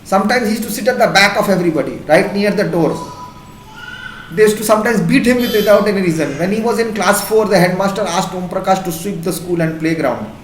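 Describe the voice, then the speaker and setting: A man's voice: high-pitched, fast talker, a little hiss or hum. A man with an Indian accent giving an impassioned classroom lecture as a teacher. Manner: impassioned, emphatic. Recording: echoey classroom.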